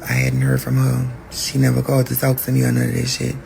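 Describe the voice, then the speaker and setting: A podcast host telling a personal story in a candid, profane, animated way. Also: male voice, medium pitch, fast, gravelly, slight background noise.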